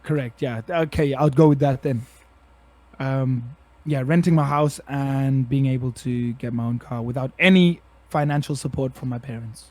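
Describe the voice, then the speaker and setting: A man's voice: mid-range voice, moderate pace, darkish tone. A young South African man with a South African accent, a streamer chatting casually as a podcast guest, laid-back and slangy, calling people bro.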